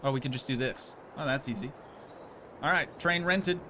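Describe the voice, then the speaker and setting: Male game streamer, casual, jokey, mid-pitched, light background noise. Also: normal speed, sharp tone. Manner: chatty, joking, reads and answers chat messages. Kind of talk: casual live-stream chat while playing.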